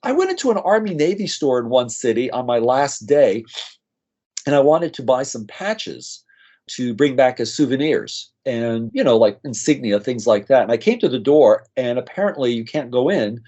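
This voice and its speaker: An American man, a nurse practitioner, telling animated stories as a podcast guest and acting out the people he quotes. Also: medium pitch, moderate pace. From United States. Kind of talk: storytelling in an interview. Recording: slightly dull lo-fi audio.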